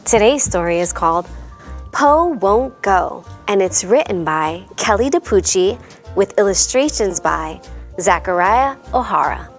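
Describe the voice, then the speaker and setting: A woman's voice: medium pitch, expressive, unhurried, faint music behind. A woman hosting a children's storytime, reading a picture book aloud in a sing-song storyteller voice and putting on playful voices for the characters.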